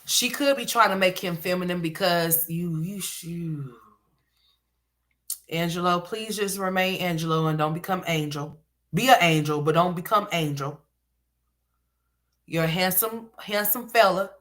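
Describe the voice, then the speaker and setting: A woman's voice: lowish voice, measured pace, fairly bright tone. A woman giving livestream commentary, ranting bluntly with lots of profanity.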